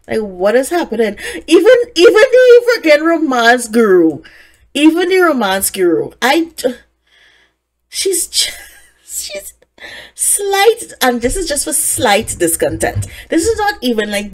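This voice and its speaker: A young woman giving casual, excitable let's-play commentary, scolding the characters on screen and often laughing. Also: fairly high pitch. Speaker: gaming content creator.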